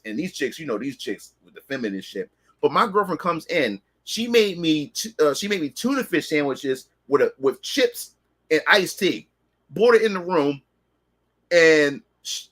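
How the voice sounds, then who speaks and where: Young male host, casual rambling storyteller, slightly high, bright voice; lots of ums and restarts. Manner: rambling, many fillers and restarts. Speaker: streamer host.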